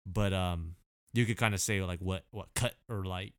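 A man with a lowish, smooth voice talks in a relaxed, slangy podcast chat. The sound is dry and close, with no room around him. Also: moderate pace, dry recording. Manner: laid-back, slangy, laughs often. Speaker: podcast co-host. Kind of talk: casual chat.

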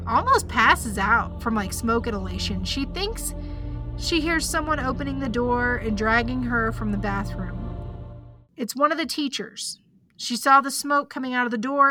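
Bright-voiced woman recapping a story. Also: fairly high pitch. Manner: chatty, full of likes and asides. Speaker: podcast host.

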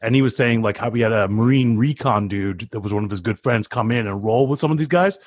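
A man's voice: mid-range voice, quick pace. A man hosting a casual chat, easygoing, laughing along and asking questions.

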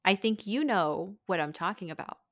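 A young woman host in casual chat, telling a story and acting out quotes with big jumps in her voice. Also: moderate pace. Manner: animated, acts out quotes with big pitch jumps.

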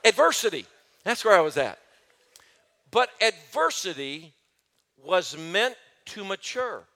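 A middle-aged pastor preaching in a high, bright voice. He tells his stories with lively energy, dropping low and then rising loud. It is a spirited sermon delivery. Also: slow pace, gravelly. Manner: animated storytelling, shifting between loud and soft.

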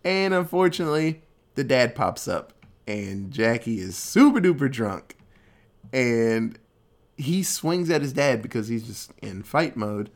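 A man talking through a movie plot in an easygoing, joking way, slipping into little voices for the characters. His pitch sits in an ordinary middle range for a man. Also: big pitch swings. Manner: laid-back, jokey, acts out characters in quick asides. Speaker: podcast host recapping a film. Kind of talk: casual chat.

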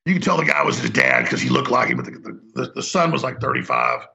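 Male talk radio host, gravelly and forceful, rambling heated monologue on dull lo-fi audio. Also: medium pitch, wildly swooping pitch, quick pace.

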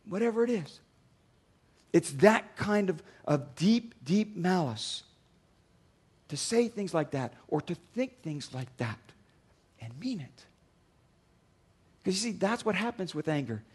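Male pastor, high-pitched, dynamic sermon delivery with loud acted-out exchanges. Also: very animated, a little slow, long pauses, husky. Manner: dynamic preaching, acts out dialogues with rising volume.

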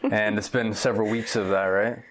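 A man's voice: fairly low pitch, steady tone, brisk, a little hiss or hum. A man co-hosting a casual podcast from his couch by the fire, chatting easily and often checking in with "right?". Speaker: podcast co-host. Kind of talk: casual chat. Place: living room by the fireplace, on a couch. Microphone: old basic podcast microphone.

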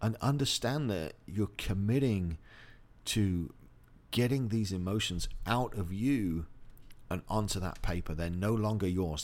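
A man's voice: low-pitched, darkish tone. A middle-aged man hosting a motivational monologue, blunt and profane, speaking openly about personal grief. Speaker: host.

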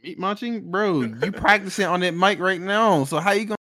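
A man's voice: sits high, fairly quick, sharp tone. A man on a podcast, teasing his co-hosts in slangy casual banter. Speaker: podcast co-host.

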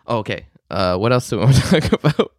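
A man co-hosting a podcast, telling a story in an animated, jokey and profane way. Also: medium pitch, quick pace, no echo, clean studio sound. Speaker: podcast co-host. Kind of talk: casual podcast chat.

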